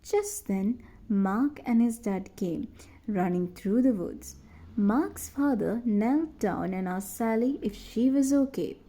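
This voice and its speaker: A young woman from Sri Lanka with a Sri Lankan English accent, gently narrating a children's audiobook. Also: a little high, expressive, takes it slowly. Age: young adult.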